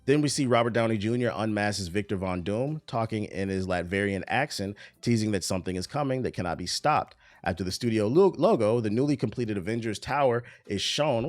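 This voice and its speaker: A man on a casual stream reads entertainment news aloud, repeatedly breaking off into profane, laughing asides with excitable jumps in pitch.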